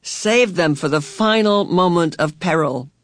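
A man's voice: high voice, a bit bright, no room sound, studio quality. Man doing a cryptic, verse-quoting old spirit woman. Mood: cryptic solemn. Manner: measured, cryptic, deliberate delivery. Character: mysterious old female spirit who quotes verse.

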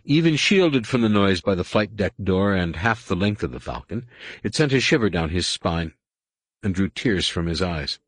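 Husky male audiobook narrator, low voice. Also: big pitch swings, moderate pace, dry recording. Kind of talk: scripted narration.

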